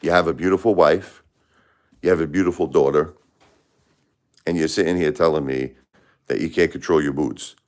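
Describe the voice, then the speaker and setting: A man's voice: extremely low pitch, fairly even intonation, normal speed, long pauses. A middle-aged man hosting a live stream, giving blunt, repetitive advice to a caller, close to tears. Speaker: livestream host.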